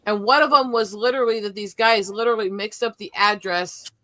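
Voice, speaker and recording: A woman's voice: medium pitch, steady tone, a little fast, noisy background. A woman from the South Dakota and Montana area hosting a casual chat, talking in a blunt, profane, rambling way. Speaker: host.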